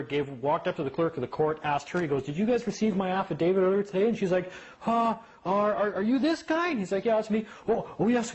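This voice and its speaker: Animated man telling courtroom stories. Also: mid-range voice, low-quality recording. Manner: animated storyteller who acts out voices. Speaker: speaker on legal rights. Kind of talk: casual talk to a small group.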